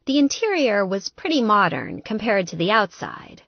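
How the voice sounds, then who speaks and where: A woman narrating an audiobook in a lively, expressive storytelling manner. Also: mid-range voice, moderate pace, creaky, no room sound, muffled recording.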